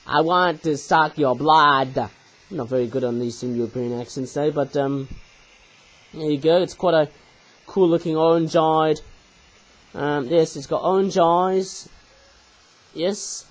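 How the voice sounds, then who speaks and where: A man talks through a toy unboxing in a loose, chatty way, adding "eh?" to his remarks and dropping puns. His voice sits slightly higher than most men's, and he is still coughing from a recent flu and sore throat. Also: steady tone, a little slow, pauses often, darkish tone, poor audio. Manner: chatty, tags sentences with "eh?" and makes puns. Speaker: toy reviewer. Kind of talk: casual unboxing review.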